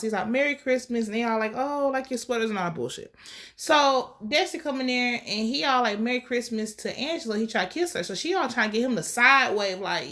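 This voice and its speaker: A woman's voice: medium pitch, a bit bright. A woman recapping a TV episode in a sassy, profane, casual way, acting out the characters' lines as she goes. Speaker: TV show reviewer.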